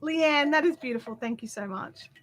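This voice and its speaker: A woman's voice: high-pitched, normal speed. A woman hosting a craft livestream, chatting casually with viewers and reading their comments with lots of fillers and asides.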